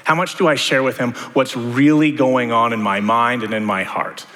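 A man's voice: medium pitch, steady tone, normal speed, fairly bright tone. A man preaching a sermon, talking to the congregation in a conversational way with many rhetorical questions. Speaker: pastor. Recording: long hall reverb.

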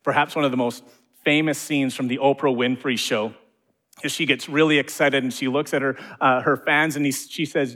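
A male pastor giving a sermon, swinging between quiet hushed passages and loud, rising climaxes. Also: medium pitch, fairly even intonation, moderate pace. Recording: long reverb of a large hall.

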